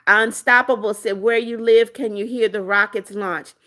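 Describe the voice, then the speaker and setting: A woman's voice: fairly high pitch, fairly even intonation, moderate pace, fairly bright tone. A middle-aged American woman hosting a livestream in casual chat, reading viewers' comments aloud and answering them in a friendly way. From United States. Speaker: livestream host.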